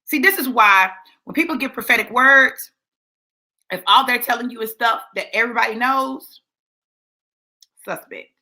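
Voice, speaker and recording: Sassy lady preacher, kinda high voice, bright and forceful, keeps repeating herself to drive it home. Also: moderate pace. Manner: repeats phrases for emphasis. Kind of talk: sermon teaching.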